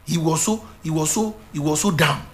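A man's voice: on the high side, normal speed, fairly bright tone. A man preaching a sermon, retelling a Bible story with fervent, dramatic delivery and repeated phrases.

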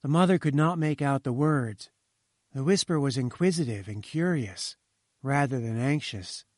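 Storybook narrator, adult man, measured and steady, dry booth sound. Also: medium pitch, no echo. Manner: measured, slowing to a hush at grim moments.

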